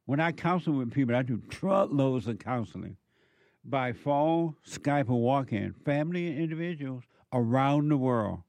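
A man's voice: medium pitch, lively intonation, moderate pace, a little mellow, no echo. A male counselor delivering a preachy monologue, firing off emphatic rhetorical questions in a scolding tone.

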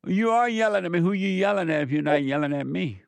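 A fairly high-voiced man hosting a call-in debate, calm and persistent as he keeps repeating his questions. His voice sounds dry and close to the mic. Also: quick pace, gravelly, no echo. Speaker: host.

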